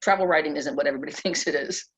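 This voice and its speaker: A middle-aged woman author being interviewed at a press club event, telling stories in an animated way and laughing often. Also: low-pitched, very fast, husky. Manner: animated, laughs often, acts out quoted voices. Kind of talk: conversational storytelling. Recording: dull lo-fi event recording.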